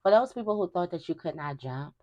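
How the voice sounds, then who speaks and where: A woman's voice: fairly low pitch, expressive, a little fast, mellow. A young woman giving a spiritual reading to her viewers in a casual, emphatic way, repeating phrases as she talks. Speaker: tarot reader.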